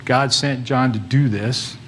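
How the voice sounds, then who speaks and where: A man preaching a sermon in a relaxed, conversational way, often restarting his sentences and pausing on fillers. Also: medium pitch, slight background noise.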